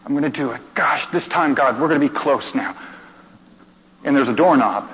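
A man preaching through a story, stammering and repeating himself, swinging between hushed and excited delivery. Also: mid-range voice, normal speed. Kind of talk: sermon storytelling. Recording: reverberant hall, dull muffled sound, faint noise.

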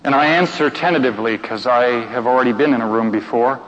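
A man preaching a sermon as a dramatic story, speaking emotively, by turns hushed and shouted. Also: medium pitch, fast talker. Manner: emotive, theatrical, with hushed passages and shouted outbursts. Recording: dull sound with long hall reverb.

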